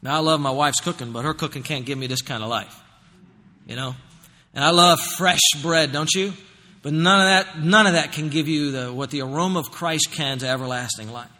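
A man delivers a sermon in a high voice with a piercingly bright, sharp tone. He preaches emphatically, rising to loud exhortation and then dropping to a hush. A long reverb from a large hall trails after his words. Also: steady tone, normal speed. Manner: emphatic preaching, swinging between loud and hushed. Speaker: pastor.

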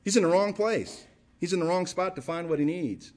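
A man's voice: high voice, animated, a little fast, darkish tone. A male pastor preaching a sermon with passion, firing rhetorical questions and repeating phrases for emphasis.

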